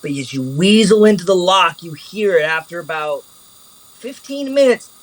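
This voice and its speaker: Lively game master with swinging pitch. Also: male voice, moderate pace, rough recording. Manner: animated, casual, swears. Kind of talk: narrating a tabletop game.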